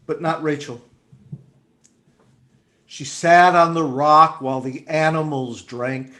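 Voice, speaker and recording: Slow, gentle male storyteller. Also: a little high, fairly even intonation. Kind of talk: storytelling over a video call. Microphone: video call.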